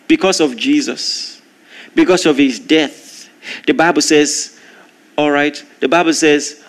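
A man preaching a sermon, retelling a story with lively, acted-out voices. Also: a little high, gravelly. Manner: animated storytelling, acting out crowd shouts.

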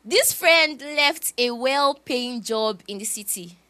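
A woman, preaching a sermon through lively storytelling. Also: fairly high pitch, slow, no echo. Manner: animated storytelling with laughs.

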